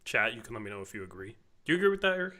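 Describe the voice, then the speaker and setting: A man's voice: medium pitch, sing-song, rapid-fire, pushed and bright. A man from Washington state hosting a casual postgame basketball chat on a live stream, talking in a chatty, joking way. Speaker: podcast host.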